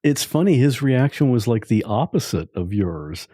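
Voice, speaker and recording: A man's voice: mid-range voice, very animated, normal speed, mellow, husky, no echo, studio quality. A man hosting a podcast, asking a guest curious questions with a lightly amused manner. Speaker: podcast host. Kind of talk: interview questions.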